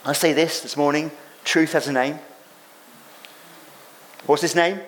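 A man's voice: a little high, steady tone, a little slow. A man preaching a sermon as pastor, speaking emphatically, repeating phrases for effect and acting out quoted lines.

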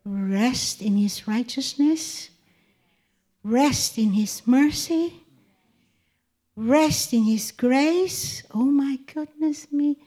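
A woman's voice: fairly high pitch, takes it slowly, mellow. A woman giving an emotional devotional testimony, fervent and tearful, often breaking into laughter. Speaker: speaker sharing a Christian testimony.

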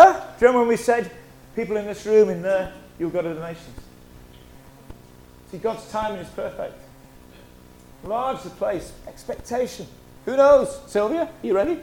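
A male pastor, preaching a lively, conversational sermon full of humorous stories. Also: sits high, normal speed, long pauses, slight background noise. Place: church hall.

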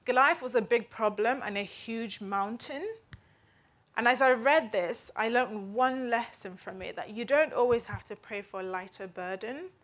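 A woman's voice: fairly high pitch, moderate pace, a bit bright. A woman giving a conversational Bible teaching in an earnest, chatty way, often checking in with "right?". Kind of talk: conversational devotional talk.

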